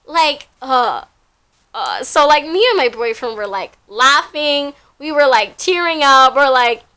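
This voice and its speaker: A young woman with a somewhat high, bright voice tells a story to her viewers in a casual vlog. She talks in a chatty, animated way, packed with filler words. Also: unhurried. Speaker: storytime vlogger.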